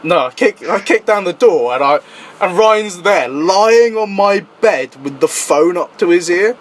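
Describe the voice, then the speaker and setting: A young man telling a party story in casual chat, animated and swearing, his voice jumping high when he quotes himself. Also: unhurried. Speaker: guest.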